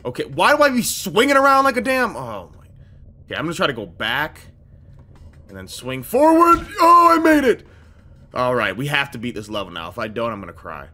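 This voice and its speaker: Excitable young man reacting to gameplay. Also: mid-range voice, a little fast, a little hiss or hum. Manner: excitable, loud outbursts and repeated phrases, slangy. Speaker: gaming YouTuber. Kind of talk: casual let's play commentary. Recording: game music playing behind voice. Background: game music.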